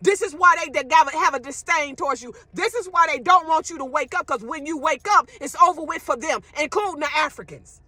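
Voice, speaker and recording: Brief: outspoken woman ranting straight to camera, bright, high and emphatic. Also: fairly quick, hardly any pauses, no room sound. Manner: emphatic, blunt, profane. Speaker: social media commentator. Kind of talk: ranting monologue to viewers.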